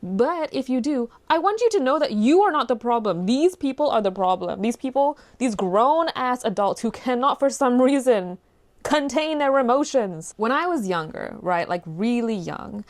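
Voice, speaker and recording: Exasperated woman ranting with lively pitch. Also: normal speed. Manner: exasperated, animated, swings from low mutters to loud outbursts. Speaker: commentary vlogger. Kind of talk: ranting commentary on a news story.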